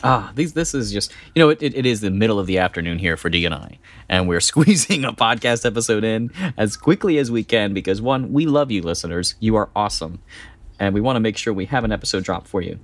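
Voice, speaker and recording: A man's voice: on the low side, lively intonation, dry recording. A middle-aged man co-hosting a casual podcast chat, rambling a bit and laughing easily. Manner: chatty, rambling with restarts and a quick laugh. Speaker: podcast co-host.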